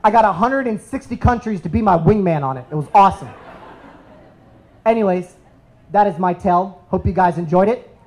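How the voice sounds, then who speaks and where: A man in his thirties from the United States tells a funny personal story live on stage. He is animated, playful and self-deprecating, and he speaks into a stage microphone. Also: high voice, fairly quick, long pauses, a little hiss or hum, poor audio. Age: 30s.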